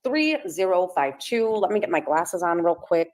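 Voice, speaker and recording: Matter-of-fact woman, lower voice. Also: animated, normal speed, darkish tone. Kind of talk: reading out call details in a played clip.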